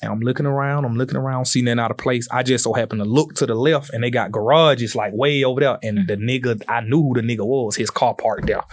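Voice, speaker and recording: A man hosting a podcast, telling a story in animated casual talk and swearing freely. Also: medium pitch, fast, hardly any pauses. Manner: animated, swearing, acts out voices in his stories. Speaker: podcast host.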